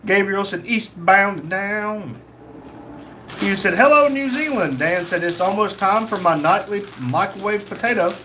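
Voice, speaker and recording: Young male streamer, higher pitch, reads chat casually, faint room noise. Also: lively intonation, normal speed, hardly any pauses, sharp tone. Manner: reads chat messages aloud, jokey. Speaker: livestream host reading chat.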